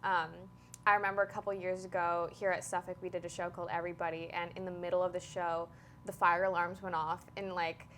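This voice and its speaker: Chatty young woman interviewer, lower voice. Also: little pitch movement, fast talker, fairly bright tone, a little hiss or hum. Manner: friendly, chatty, frequent fillers. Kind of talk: casual interview chat.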